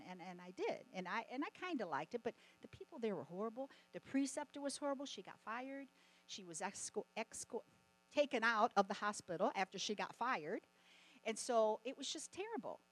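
A middle-aged woman giving a testimony sermon at a conference, telling stories in an animated way and often laughing. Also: on the high side, rough recording. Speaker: conference speaker.

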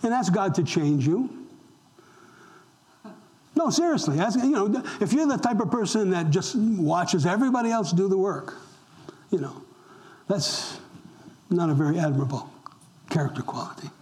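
A man's voice: high voice, animated, moderate pace, pauses often, darkish tone, poor audio. An older man, a pastor, preaching a conversational sermon and asking the congregation questions as he goes.

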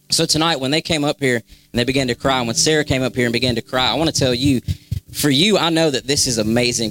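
This medium-pitched, slightly bright male voice belongs to a church member sharing a word. Standing in the sanctuary, the young man exhorts the congregation spontaneously and fervently, driving his points home by repeating phrases.

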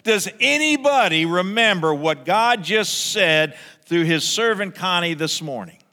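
A man preaching a sermon as pastor, animated, acting out a grumbling crowd in raised voices. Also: sits high, measured pace, long reverb tail.

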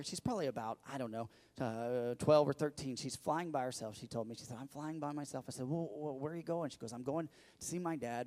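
Man, pastor, middle-aged, preaching, conversational storytelling, animated, talks to the congregation. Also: a little high, in a large hall. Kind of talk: sermon with personal storytelling.

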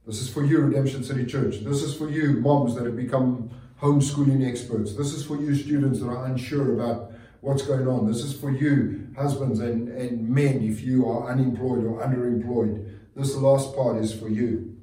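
A man's voice: mid-range voice, steady tone, normal speed, warm tone. A man preaching a sermon as a pastor, earnest and repetitive, often restarting his phrases. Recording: roomy, distant mic.

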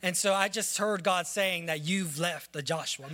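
A man's voice: high-pitched, normal speed, pushed and bright. A man giving an emotional farewell tribute in church, declaring blessings and holding back tears. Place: church sanctuary.

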